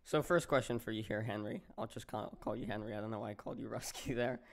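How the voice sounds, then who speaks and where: A man's voice: fairly low pitch, steady tone, quick pace. An American man hosting a live-streamed interview, casual and chatty. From United States. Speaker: host.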